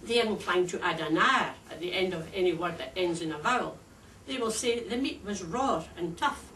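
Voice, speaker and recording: An older woman with a Scottish accent delivering a prepared, humorous speech at a speakers club in a wry, measured, deliberate way. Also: lowish voice, fairly bright tone. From Scotland. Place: club meeting room. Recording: echoey room, distant mic, faint hiss.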